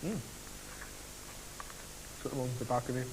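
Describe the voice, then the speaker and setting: A young man chatting playfully through a video diary, showing places and dropping to hushed asides. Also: mid-range voice, normal speed, noisy background. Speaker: reality show contestant.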